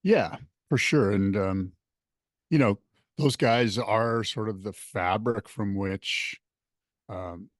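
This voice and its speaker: A man's voice: fairly low pitch, slow pace, no room sound, studio quality. A man co-hosting a podcast, chatting casually and asking curious, affirming questions. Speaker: podcast co-host. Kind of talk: casual chat.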